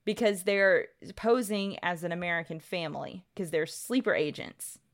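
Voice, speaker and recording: A woman's voice: on the low side, normal speed. A woman co-hosting a casual podcast discussion who argues her point firmly, with frequent restarts. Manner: firm, argumentative, many restarts. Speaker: podcast co-host.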